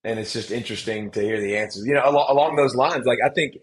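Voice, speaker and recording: Animated man telling stories. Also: mid-range voice, fast, poor audio. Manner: animated, emphatic storytelling with frequent restarts. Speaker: guest, former football player and analyst. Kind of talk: casual podcast conversation.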